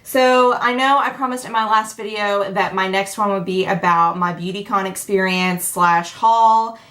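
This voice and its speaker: A woman's voice: fairly even intonation, moderate pace, fairly bright tone. Young woman beauty vlogger, from Tennessee, bubbly casual chat, mid-range voice. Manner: bubbly, chatty, acts out quotes with big pitch jumps.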